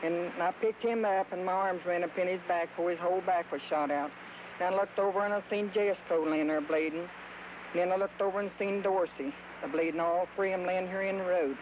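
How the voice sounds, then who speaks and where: An older woman giving a steady, blunt account in a documentary interview. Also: fairly low pitch, a little fast, noisy background.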